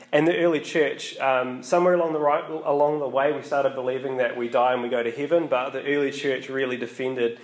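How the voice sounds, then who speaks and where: A man preaches in a loose, conversational way, stopping for ums and rephrasing as he goes. His voice sits at a middle pitch. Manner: conversational, frequent ums and restarts. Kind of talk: casual sermon.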